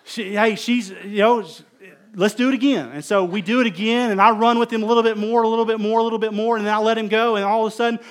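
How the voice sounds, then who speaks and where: A middle-aged man preaching a conversational sermon as pastor, telling stories animatedly and swinging between loud emphasis and quiet asides. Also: high-pitched, little pitch movement, fast talker, few pauses.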